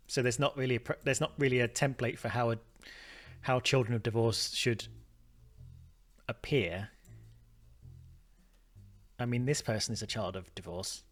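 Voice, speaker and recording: A man hosting a let's play, puzzling aloud over a detective game and often trailing off mid-sentence. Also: mid-range voice. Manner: thinking aloud, trailing off and restarting. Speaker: gaming video host.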